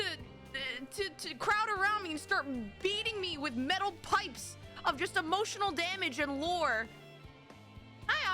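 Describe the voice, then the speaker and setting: A young woman streamer chatting with her live chat in an excitable, dramatic way, rambling and restarting as she goes. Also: extremely high pitch. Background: faint game music.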